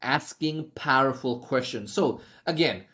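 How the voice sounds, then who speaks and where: A man's voice: mid-range voice, measured pace, pushed and bright. A young man giving a casual spoken sales masterclass, chatty and constantly checking in with "okay?" and "right?". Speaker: sales trainer.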